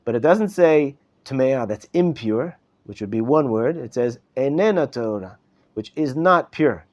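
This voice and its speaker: In a dull live recording from a study hall classroom, a middle-aged rabbi gives an informal Torah class. His mid-range voice is dark and animated at a normal pace, and he talks conversationally, repeating words and frequently asking "right?"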